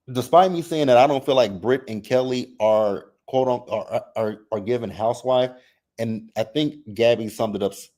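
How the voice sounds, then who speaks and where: A man hosting a casual reality TV recap, reading chat comments and reacting in a sassy, animated way. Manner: sassy, animated, mimics cast members with exaggerated high voices; repeats phrases for emphasis.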